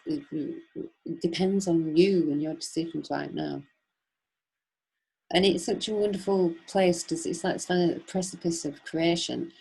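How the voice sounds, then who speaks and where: A woman's voice: deep voice, vocal fry, mellow, slightly rough, poor audio. A woman speaking off the cuff in a webinar, rambling and emphatic, often asking rhetorical questions. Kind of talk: impassioned off-the-cuff talk.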